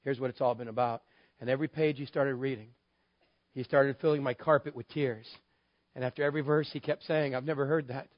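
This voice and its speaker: A man's voice: medium pitch, steady tone, brisk. A male pastor preaches in a candid, conversational storytelling manner, slipping in wry humor. His voice sits in a middle register. The sound is dry, with no room echo, and slightly dull and lo-fi. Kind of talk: sermon storytelling.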